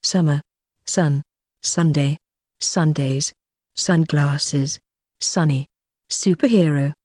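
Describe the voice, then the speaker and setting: A woman reading a vocabulary list aloud, one word at a time with even pauses. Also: deep voice, breathy edge, no room sound, studio quality. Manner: reads single words one by one with even pauses. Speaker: vocabulary reader.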